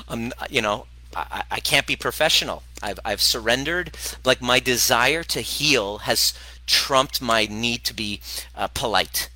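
The low-quality, roomless recording captures a middle-aged wellness video host, formerly a chiropractor, replying on camera to a viewer's question about parenting. His medium-pitched voice sounds pushed and bright, a bit slow, with lively intonation, and he's blunt and passionate, swearing and laughing a lot.

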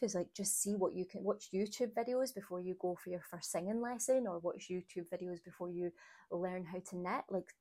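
A woman's voice: on the low side, dark tone. A woman in her thirties hosting a solo podcast, chatty and encouraging, laughing easily as she talks. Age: 30s. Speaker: podcast host.

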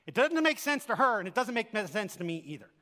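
This pastor's high voice swings widely in pitch, fairly quick and bright with a forceful tone, as he preaches earnestly in a church sanctuary. He poses rhetorical question after rhetorical question, and the hall reverb lingers long.

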